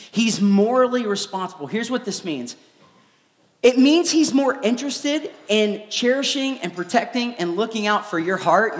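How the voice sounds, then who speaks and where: A man, a former youth pastor, giving a live preaching talk in an animated, joking storytelling manner in a large church hall. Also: high-pitched. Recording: echoey hall with long reverb.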